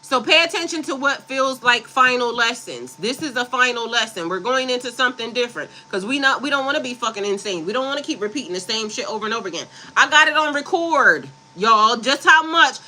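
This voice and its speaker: A woman with a piercingly bright, sharp voice, speaking as a spiritual coach on a casual livestream. She moves between reciting affirmations and blunt, cursing asides to her viewers. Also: a little high, lively intonation, a little fast, hardly any pauses, slight background noise, rough recording. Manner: blunt and profane, switching between reading affirmations and loose asides.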